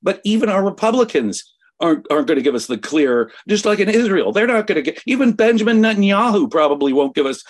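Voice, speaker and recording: An American man giving emotional, emphatic political commentary as a guest, his pitch swinging sharply as he talks. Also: big pitch swings, quick pace. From United States.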